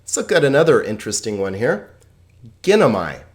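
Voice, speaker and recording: Man, teacher, lively and playful pitch, jokes between carefully spelled-out words. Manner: chatty, joking, laughs at own puns; slow, careful pronunciation of example words. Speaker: Greek teacher. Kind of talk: recorded video lesson.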